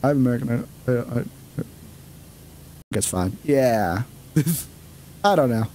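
A man's voice: mid-range voice, animated, slow, mellow, slight background noise. A man streaming a game, chatting casually and rambling with plenty of fillers. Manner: rambling, lots of fillers and laughs. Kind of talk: casual chat.

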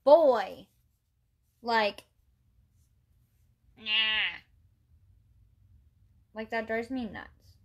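A woman's voice: fairly high pitch, very slow, long pauses. A young woman chatting casually while doing her makeup on a livestream, telling stories in an exasperated, talkative way and greeting viewers. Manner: chatty, exasperated storytelling, reads and greets chat. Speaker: makeup vlogger.

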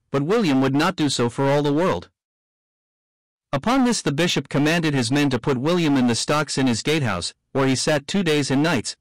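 A man's voice: fairly high pitch, no echo, low-quality recording. Man reading a martyrs' history aloud. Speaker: audiobook reader. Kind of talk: scripted narration of a historical book.

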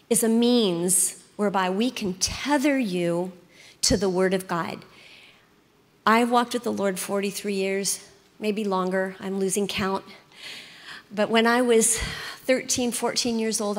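Grandmotherly woman teaching in a reverberant hall. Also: mid-range voice. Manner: warm storytelling, earnest and encouraging. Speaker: Bible study speaker. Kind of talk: sermon-style teaching talk. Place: large church hall.

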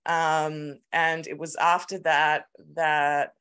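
An Australian woman co-hosting a podcast, telling a story in an animated, sweary, casual way. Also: sits low, slow pace, clear, resonant tone. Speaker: podcast co-host. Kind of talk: casual chat.

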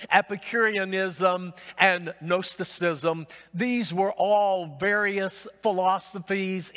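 A male pastor preaching a sermon, unhurried and pausing often with "uh" between phrases, in a church sanctuary. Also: sits high, a bit bright. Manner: unhurried, with frequent "uh" pauses. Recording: long reverb of a church hall.

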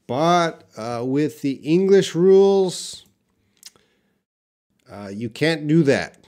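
Guy teaching english live online, real slow and patient, quizzing the chat. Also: a little high, lively intonation, a little mellow. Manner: slow, patient, reads sentences aloud and quizzes viewers.

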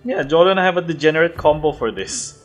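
A man gaming with friends, teasing and quick-tongued. His pitch jumps around a lot in his outbursts. Soft music sits faintly behind him. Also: expressive, dull audio. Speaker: gamer co-host. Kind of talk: casual gaming banter.

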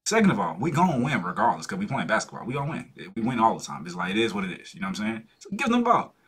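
Lively, husky-voiced man reacting casually. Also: on the low side, racing. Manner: laid-back, chatty, laughs often. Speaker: reaction video host.

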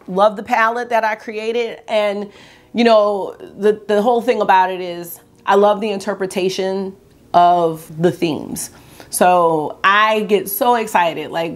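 A woman beauty vlogger chatting casually and excitedly to her viewers while doing her makeup. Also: medium pitch. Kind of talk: casual makeup tutorial chat.

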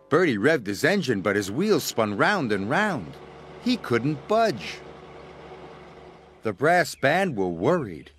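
A man reading a children's story aloud as narrator, expressive and dramatic. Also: takes it slowly. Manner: expressive, shifting pitch for drama. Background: music.

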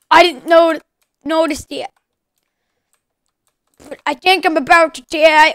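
Female let's play commentator, rambling and excitable, slow delivery, dry close sound. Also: sits high, dry recording. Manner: rambling, excitable, talks to game creatures. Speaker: gaming commentator.

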